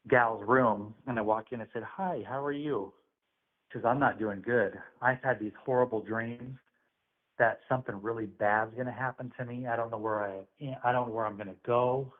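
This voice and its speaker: Guy on a tinny phone call, preachy and earnest, normal pitch. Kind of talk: religious testimony on a call. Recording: phone-line audio.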